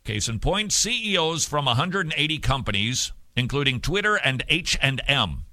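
Male host, sarcastic commentary, bright and animated, dry close sound. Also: a little high, normal speed, no room sound. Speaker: show host. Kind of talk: opinion commentary.

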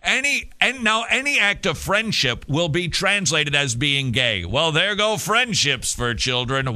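A man hosting a talk radio show, animated and opinionated, shifting between mockery and heated emphasis. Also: fairly high pitch, measured pace, few pauses, faint music behind.

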